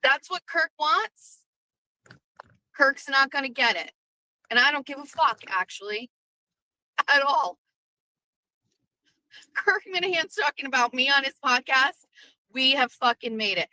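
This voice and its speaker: A middle-aged woman hosting a livestream podcast, ranting in a brash, profane, animated way. Her voice sits high and sounds bright and forceful. The recording is dry and close. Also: unhurried, pauses often, no echo, rough recording. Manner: brash, swearing, animated storytelling. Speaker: podcast host.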